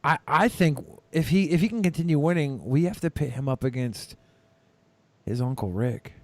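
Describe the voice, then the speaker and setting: A man co-hosting a podcast in casual comedic chat, gravelly and mock-dramatic. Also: fairly high pitch, lively intonation, normal speed. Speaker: podcast co-host.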